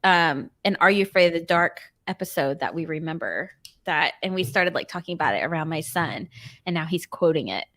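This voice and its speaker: A woman's voice: low voice, lively intonation, brisk, a bit bright. A woman in her thirties co-hosting a podcast, chatting casually, teasing and laughing often. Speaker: podcast co-host. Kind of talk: casual chat.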